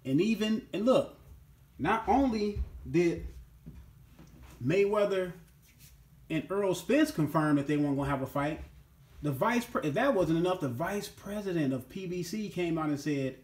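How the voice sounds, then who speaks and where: A man's voice: sits high, lively intonation, moderate pace, a little mellow. Emphatic man talking in an echoey room. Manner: emphatic and repetitive, keeps asking "you know what I'm saying". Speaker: boxing commentary host. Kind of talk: casual opinion monologue. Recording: roomy echo.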